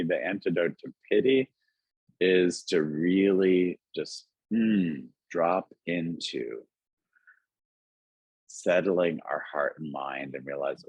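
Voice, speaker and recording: A man talking gently and reflectively as a guest author on a video call, musing aloud with many "like"s and "you know"s. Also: sits low, slow pace, breathy edge, dry recording. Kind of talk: reflective conversation. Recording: dull lo-fi webinar audio.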